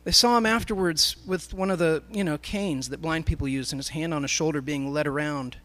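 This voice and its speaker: A man's voice: on the high side, fairly quick, fairly bright tone. A man speaking to a live congregation, telling a story in a sermon as he addresses the crowd directly.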